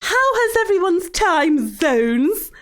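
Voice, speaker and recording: A woman on a livestream performs a full character voice as a creepy female children's host: extremely high, a bit bright, slow, with big pitch swings. She sounds sing-song and mock-sweet until profane outbursts erupt without warning.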